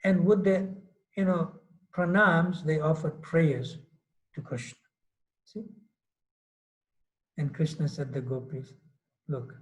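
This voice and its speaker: A man teaching a scripture class, retelling a story with lively acted-out quotes and frequent "you know" asides. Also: fairly high pitch, slow pace, long pauses, rough recording. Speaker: monk lecturer.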